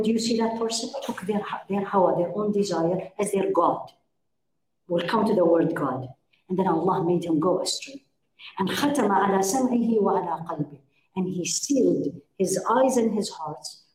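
In an echoey room before a live audience, a middle-aged female religious teacher lectures a women's class, drawing listeners in with questions and acting out brief exchanges. Her voice has a medium pitch and a slightly mellow sound.

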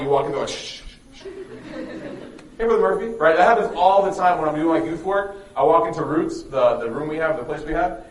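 A man telling a religious story to a live audience, joking and quizzing them as he goes, heard in an echoey room from a distant mic. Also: on the high side. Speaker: youth speaker.

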